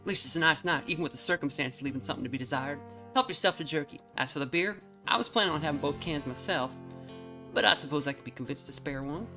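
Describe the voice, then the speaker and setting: A woman voicing a gruff, protective old mountain man with a folksy rural drawl, while a music bed plays. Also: sits low, fast, bright, forceful tone.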